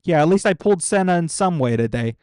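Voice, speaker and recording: A man streaming a game live, teasing viewers about their accounts in an excitable, incredulous way, rambling and restarting when stressed. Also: on the high side, fast talker, no echo, studio quality. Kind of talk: live gaming stream commentary.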